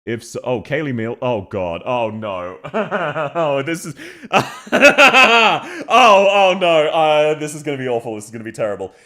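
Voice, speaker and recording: A man's voice: on the high side, lively intonation, unhurried, bright, forceful tone. A young Australian man streaming, joking and laughing as he ranks voice acting in casual chat. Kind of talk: casual chat, ranking reactions.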